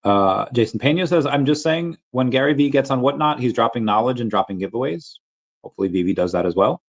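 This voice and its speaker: A man's voice: mid-range voice, expressive, fast talker. A man hosting a casual livestream, reading headlines aloud and greeting chat viewers, often restarting his words. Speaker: livestream host.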